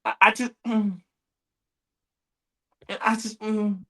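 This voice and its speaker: A man's voice: high voice, level tone, slow pace, pushed and bright. A man co-hosting a podcast in casual banter, slangy, with exaggerated comic outrage. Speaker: podcast co-host.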